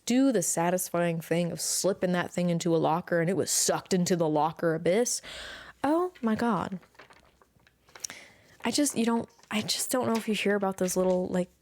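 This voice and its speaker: A woman's voice: medium pitch, dry recording. Bubbly, gushing young woman podcaster. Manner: bubbly, gushing, exclaims often. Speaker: podcast host. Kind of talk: casual solo podcast storytelling.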